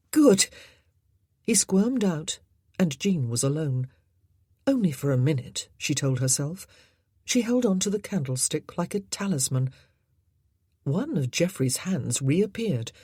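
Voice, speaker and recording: A woman narrating an audiobook, measured and expressive in her storytelling. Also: deep voice, breathy edge, no room sound, clean studio sound. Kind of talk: scripted narration.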